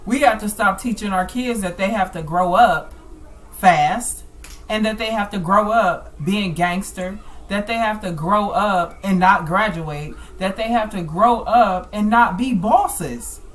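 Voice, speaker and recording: A woman hosts a talk show at an unhurried, deliberate pace. She talks emphatically, with a lecturing tone, and speaks straight to her listeners. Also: medium pitch.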